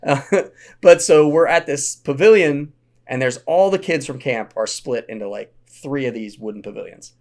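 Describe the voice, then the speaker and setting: A middle-aged man chatting as a podcast guest, his pitch swinging widely as he spins a story. There is a gravelly rasp under his words. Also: normal speed. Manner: animated storyteller, acts out quotes in a high voice. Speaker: podcast guest, Renaissance fair founder and educator. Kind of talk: casual storytelling chat.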